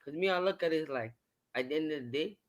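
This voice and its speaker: Young man in casual debate, insistent, slightly high pitch. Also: poor audio. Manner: measured, insistent. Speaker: panel speaker.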